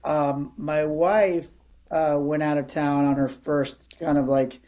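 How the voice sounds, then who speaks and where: A man's voice: fairly high pitch, slow. A man in his thirties, a comedian guest, telling a story in casual chat with lots of energy. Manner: energetic, acts out other people's lines.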